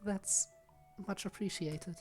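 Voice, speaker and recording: A man voicing a shy, bookish young woman from a visual novel, soft, hesitant and polite. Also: high-pitched, steady tone, takes it slowly, faint music behind, voice pushed up. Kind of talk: reading visual novel lines aloud.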